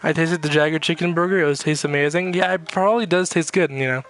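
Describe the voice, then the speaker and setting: A man's voice: a little high, fairly even intonation, fast, a bit bright, faint music behind. A young man vlogging in a casual, rambling way, swearing often and laughing at himself as he reads chat. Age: young adult. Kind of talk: casual chat reacting to chat messages.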